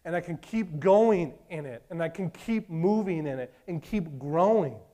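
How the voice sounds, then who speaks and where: A man in his late twenties preaching a sermon, telling stories in an animated way and acting out his own past thoughts. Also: a little high, moderate pace. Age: 20s.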